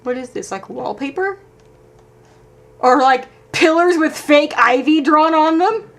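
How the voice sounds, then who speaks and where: A fairly high-voiced woman streaming a game live and talking her way through it. She chats as she goes, swears freely, and jumps from sudden loud outbursts to low muttering under her breath. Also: expressive, unhurried. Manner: chatty, thinks aloud, swears, swings from loud outbursts to mutters. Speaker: let's play streamer. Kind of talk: casual gameplay commentary.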